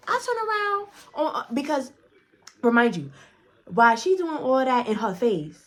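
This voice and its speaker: A young woman telling a storytime tale in a fast, profane, animated way. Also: high voice. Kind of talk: casual storytime vlog.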